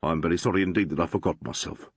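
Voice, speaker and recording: A man voicing a proud, formal doctor in an audiobook, speaking emphatically with a husky voice. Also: low-pitched, racing, no echo, pitched below the performer's own voice. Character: proud, formal male doctor, quick to anger.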